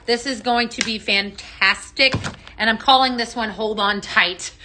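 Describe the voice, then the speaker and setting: Over a noisy background, a woman from Texas hosts a casual phone live stream, mixing fragrances. Her Texan-accented voice is on the high side, fairly even in intonation, and a little slow, and she's chatty, bubbly, greeting viewers by name and laughing often.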